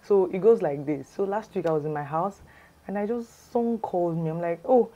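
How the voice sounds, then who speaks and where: Mellow-voiced woman with a Yoruba accent. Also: fairly low pitch, a little fast, muffled recording. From Nigeria. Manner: chatty, exclamatory, lots of "ah" and "like". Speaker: lifestyle vlogger. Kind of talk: casual storytime.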